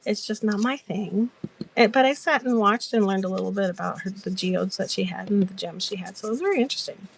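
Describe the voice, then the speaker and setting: Crafting host, female, mid-pitch, giggly and rambling, chatty, faint background hiss. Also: a little fast, vocal fry. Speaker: crafter and live-selling host. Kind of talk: casual crafting chat.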